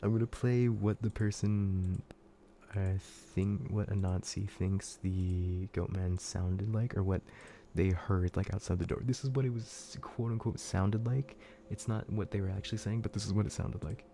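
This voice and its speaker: A man's voice: lowish voice, fairly even intonation, moderate pace, creaky, warm tone, slight background noise. A man streaming, narrating a scary story in a casual, profane, laid-back way with frequent restarts.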